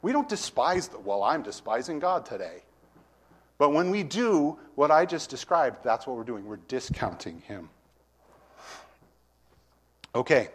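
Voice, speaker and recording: A middle-aged man preaches with an expressive, teaching manner, swinging between loud emphasis and quiet asides. His voice sits at an ordinary middle pitch. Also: measured pace, pauses often, slightly rough. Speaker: pastor. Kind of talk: sermon.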